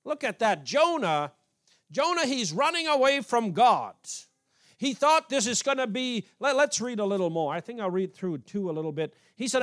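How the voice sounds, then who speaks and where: A man from an Amish background preaching, reading scripture aloud and commenting in a halting, repetitive way. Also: extremely high pitch, lively intonation, fairly bright tone. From Amish community. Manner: halting, repeats words while reading aloud. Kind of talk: informal sermon reading scripture.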